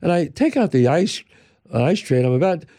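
Older man from New York, animated storyteller, with a gravelly, mellow voice and a swooping delivery. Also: on the high side, brisk, a little hiss or hum. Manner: animated, acts out relatives' voices. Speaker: guest, actor and writer. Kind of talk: storytelling interview.

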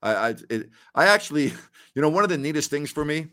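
A man's voice: a little high, expressive, quick pace, a bit bright. A man in his sixties hosting a sports talk show in a folksy, exclamatory, rambling way. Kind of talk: casual chat.

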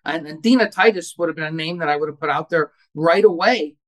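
A man giving interview answers on politics, wry and confident, and often restarting his sentences. His voice sits a little higher than most men's. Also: fast talker, fairly bright tone. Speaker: political journalist guest.

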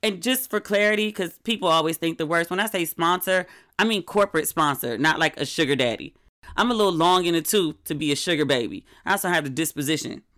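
A middle-aged woman hosting a solo podcast, talking candidly and wryly, with animated retellings and drawn-out words for emphasis. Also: on the low side. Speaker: podcast host.

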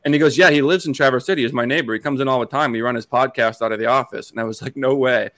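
Talking very fast with medium pitch and fairly even intonation, this Massachusetts man in his late twenties shares stories as a podcast guest. His slightly bright voice has no room sound, and his chatty delivery keeps restarting.

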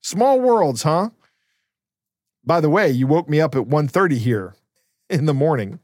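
A man playing a wry man who toys with a scammer, in a deadpan, teasing manner. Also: fairly high pitch, a little slow, no echo, clean studio sound.

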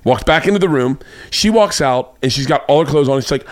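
A man's voice: medium pitch, expressive, brisk, no room sound, clean studio sound. A man hosting a podcast, telling a long rambling anecdote in casual chat and acting out the quoted lines. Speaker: podcast host. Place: home studio.

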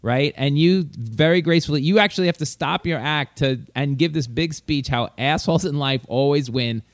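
A man, a podcast co-host and comedian telling a story in fast, animated casual chat. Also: on the high side, no echo, clean studio sound.

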